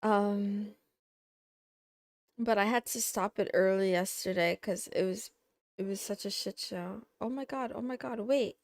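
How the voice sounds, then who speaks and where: A young woman VTuber streamer chatting casually and playfully while eating on a quiet stream. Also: mid-range voice, unhurried, no echo, studio quality.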